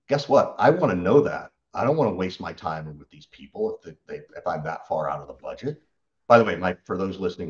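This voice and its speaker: Low-voiced man coaching on sales. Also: moderate pace, dull audio. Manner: animated storytelling, acts out client quotes. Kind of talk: podcast interview answer.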